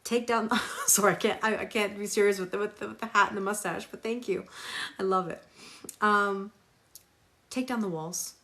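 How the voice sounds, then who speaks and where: A woman's voice: mid-range voice, fairly even intonation, normal speed, bright, forceful tone. A woman tarot reader on a live stream, talking emphatically, repeating phrases for stress and greeting viewers by name.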